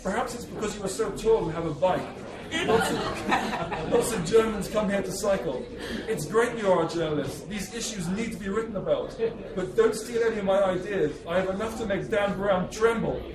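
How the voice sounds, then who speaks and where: A man's voice: high voice, moderate pace, pitched above the performer's own voice, close to an everyday voice. A man voicing a pompous older crackpot historian, forthright and theatrical. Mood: boastful. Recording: echoey cafe, distant mic, crowd.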